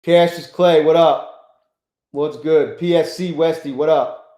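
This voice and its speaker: Hyped up guy streaming, cursing a lot, kinda high voice, roomy echo. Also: unhurried. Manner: excitable, swears a lot, greets chat. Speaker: live-stream trader. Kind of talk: casual live-stream commentary.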